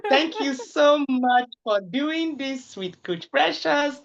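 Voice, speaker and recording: A woman event host speaks slowly and a little high, calling the next speaker up in an unhurried, friendly way. The sound is dull and lo-fi. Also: animated, gravelly. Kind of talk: event hosting. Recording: dull lo-fi recording.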